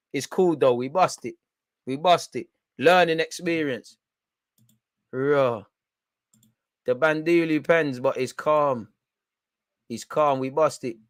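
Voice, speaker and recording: A young man with a London accent, chatting casually on a football watch-along stream in heavy slang, swinging between loud hype and low mutters. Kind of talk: casual live-stream chat.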